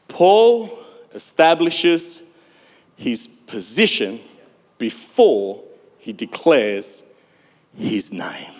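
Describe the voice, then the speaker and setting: A male pastor preaching a sermon, emphatic, with dramatic pauses and sudden loud swells. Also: on the high side. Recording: long hall reverb.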